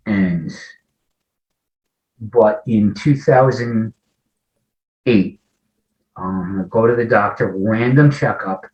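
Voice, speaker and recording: A man in his forties recounts his own past in a low-pitched voice. He talks haltingly and often breaks off to restart a sentence. The audio is muffled lo-fi with a noticeable echo. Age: 40s. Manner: halting, restarts mid-sentence, acts out remembered dialogue. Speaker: guest sharing a recovery story. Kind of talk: personal storytelling in a conversation.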